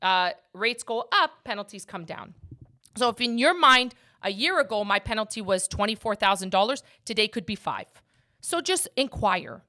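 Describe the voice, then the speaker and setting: A woman's voice: mid-range voice, lively intonation, normal speed, bright, forceful tone. A woman hosting a casual podcast as a mortgage agent, talking with emphatic passion and speaking straight to her listeners.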